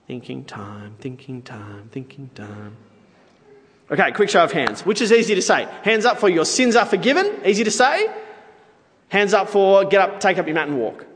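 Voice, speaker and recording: Lively conversational preacher in a hall. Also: male voice, high voice, brisk. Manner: conversational, playful asides to the audience. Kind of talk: sermon.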